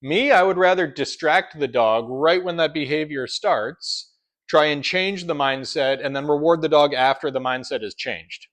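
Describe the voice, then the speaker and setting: A man's voice: fairly high pitch, moderate pace, fairly bright tone. A man who trains dogs, explaining his methods in an instructional talk and often checking in with "right?". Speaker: dog trainer.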